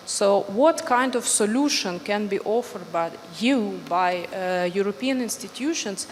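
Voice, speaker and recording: A woman speaks up from the floor with a mid-range voice, working through her question in halting phrases. A large hall adds a long echo, and a faint hum sits underneath. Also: medium pitch, lively intonation. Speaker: audience member asking a question. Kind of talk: audience question at a panel. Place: conference hall. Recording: echoey hall with faint background noise.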